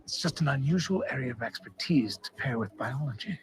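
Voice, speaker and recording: A man's voice: medium pitch, animated, brisk, natural voice. An actor playing a skeptical male colleague who makes dry, doubting remarks in a trailer scene.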